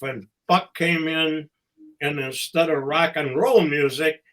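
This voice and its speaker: An older man, a former wrestling promoter and ring announcer, telling stories casually as a podcast guest, halting and fond, with pauses between phrases. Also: fairly high pitch, fairly bright tone, rough recording. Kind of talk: casual anecdotal storytelling.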